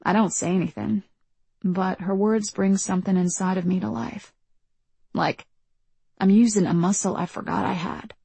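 A woman narrating a first-person audiobook in a measured, reflective way, recorded close on a studio mic. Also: mid-range voice, fairly even intonation, gravelly, warm tone, slightly rough, no echo.

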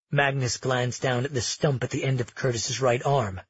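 A man narrating a fantasy audiobook in a steady, measured way. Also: medium pitch, breathy edge, no echo, lo-fi sound.

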